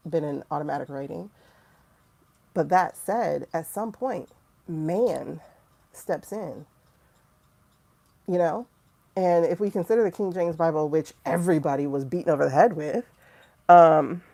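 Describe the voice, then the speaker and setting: A woman hosting a livestream in casual talk, blunt and animated, laughing often. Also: on the low side. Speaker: livestream host.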